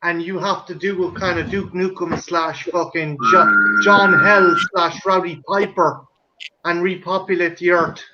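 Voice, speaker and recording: A man's voice: sits high, unhurried, muffled recording, heavy background noise. A man in a late-night casual group chat, rambling and riffing profane bits.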